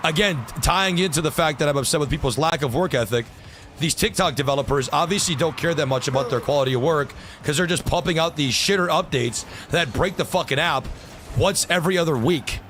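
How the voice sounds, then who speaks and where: A man's voice: on the high side, a little fast, a bit bright, slight background noise. A young man streaming a game live, ranting with frustration and plenty of swearing as he talks to chat.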